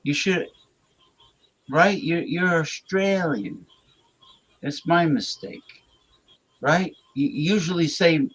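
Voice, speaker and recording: A male livestream host with a mid-pitched voice chats loosely with his viewers and reads their comments aloud. He is crude, rambles from topic to topic, and stumbles over repeated words. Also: slow pace, pauses often, a bit bright, poor audio.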